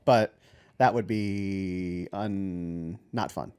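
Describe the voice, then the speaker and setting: A man's voice: low-pitched, very slow, clean tone. A man co-hosting a movie podcast, an easygoing storyteller who tells anecdotes in a casual chat. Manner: easygoing storyteller with lively impressions. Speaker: podcast co-host.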